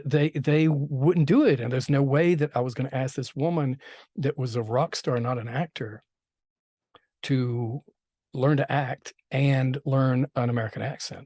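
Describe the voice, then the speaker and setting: A man's voice: medium pitch, a little mellow, husky, no echo, studio quality. A man, a film director, telling stories in a casual interview, rambling with many restarts and fillers. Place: interview set.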